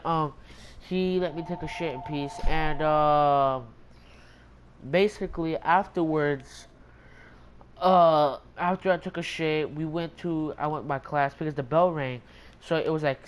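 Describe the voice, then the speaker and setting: A man's voice: a little high, a little hiss or hum, poor audio. A young man telling a rambling, profane story in casual slangy chat.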